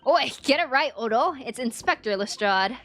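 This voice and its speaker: A woman's voice: fairly high pitch, animated, moderate pace, a bit bright, faint music behind. A woman voicing a brash, cheeky young girl who works as a police inspector, with a put-on Cockney accent and blunt, slangy talk. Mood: indignant.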